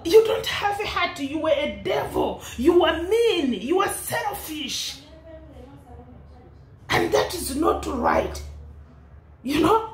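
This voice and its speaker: Woman, East African accent, high voice swinging up and down, slow scolding talk, echoey room. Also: wildly swooping pitch. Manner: scolding, preachy, laughs often between lines. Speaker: vlogger commenting on a public dispute. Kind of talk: impassioned commentary.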